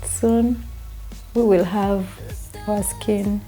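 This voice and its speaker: A woman's voice: mid-range voice, fairly even intonation, drawn-out words, dark tone, faint music behind. A young woman records a personal vlog, talking through tears and apologizing as she breaks down. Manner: tearful, breaking down. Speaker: vlogger.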